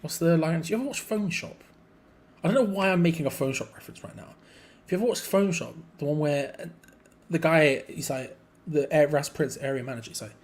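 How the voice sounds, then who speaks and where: A young man hosting a live football watch-along, mixing quick play-by-play with rambling chat and sudden excited outbursts. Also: mid-range voice. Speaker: fan channel co-host.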